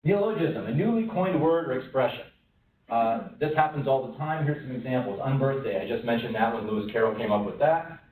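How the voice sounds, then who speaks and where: In a roomy space, a man delivers a lively, questioning lunch-and-learn presentation, acting out quoted voices as he goes. He speaks at medium pitch and fairly quickly, with a crowd in the background, recorded from a distance with faint room noise.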